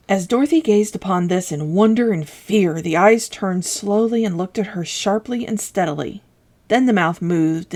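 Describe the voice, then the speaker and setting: A woman reading a children's classic aloud in calm, measured narration. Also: fairly low pitch. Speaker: storybook reader.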